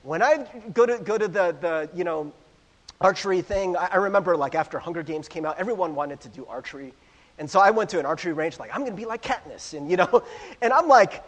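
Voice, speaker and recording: A man giving a casual, conversational Bible teaching, chatty and self-deprecating, often checking in with his listeners. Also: sits high. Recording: long hall reverb.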